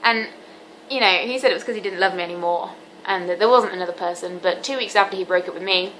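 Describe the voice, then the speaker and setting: A woman's voice: fairly low pitch, fairly bright tone, slight background noise, low-quality recording. Earnest teenage girl confiding. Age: teens. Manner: earnest, confiding, halting with many ums. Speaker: vlogger. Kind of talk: candid personal vlog.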